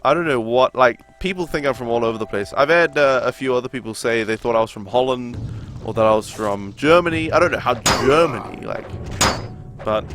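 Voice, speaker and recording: A man's voice: medium pitch, a little fast. A young man from New Zealand with a New Zealand accent, chatting casually with his stream chat while playing a game. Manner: relaxed, rambling, laughs often. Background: game music.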